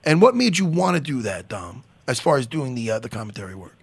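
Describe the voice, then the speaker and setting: A man's voice: mid-range voice, big pitch swings, fast talker, vocal fry, slightly rough. A man hosting a podcast, chatting casually and rambling with self-deprecating jokes and swearing. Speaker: podcast host. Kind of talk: casual interview chat.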